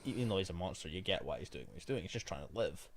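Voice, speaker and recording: A man co-hosting a podcast, chatting casually about films, relaxed and blunt with his opinions. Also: low-pitched, rapid-fire. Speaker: podcast co-host. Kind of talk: casual film chat.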